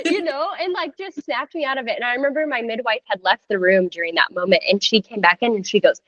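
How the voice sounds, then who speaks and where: A woman in her thirties tells her story in a lively, chatty way, leaning on "like" and acting out what others said. Her voice sits on the high side. The recording is dry and slightly dull. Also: fairly quick, no echo. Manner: animated, heavy use of "like", acts out quoted voices. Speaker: podcast guest sharing a birth story. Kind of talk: casual conversational storytelling.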